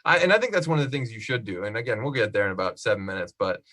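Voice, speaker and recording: A man's voice: on the low side, very fast. A man hosting a casual live-stream chat about movies, reading viewer comments and acting out quotes. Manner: animated, acts out quotes. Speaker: podcast host reading chat.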